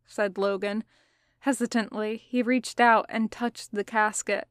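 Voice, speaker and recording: A woman narrating a fan fiction audiobook in a slow, unhurried reading. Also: mid-range voice, steady tone, no room sound, clean studio sound. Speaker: podfic reader.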